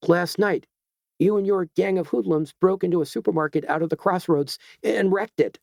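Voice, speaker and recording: A man voicing an indignant male store owner who lectures in a tight voice, his anger rising to shouts. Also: sits high, normal speed, gravelly, no room sound, clean studio sound, pitched above the performer's own voice.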